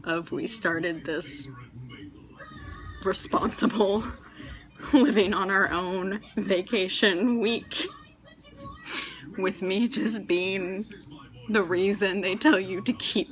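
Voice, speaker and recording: A woman's voice: medium pitch, slow, pauses often, fairly bright tone. A young woman casually telling a personal story about herself, self-mocking and rambling, laughing often. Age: young adult.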